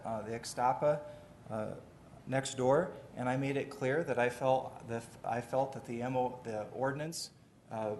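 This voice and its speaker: A man, the mayor, giving a measured, deliberate formal address at a city committee meeting in a council chamber. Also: medium pitch, slight background noise.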